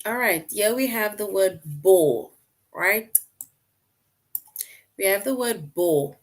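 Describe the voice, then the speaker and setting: A woman's voice: medium pitch, expressive, takes it slowly. A woman teacher explaining a lesson patiently to her class online, often checking in with "right?".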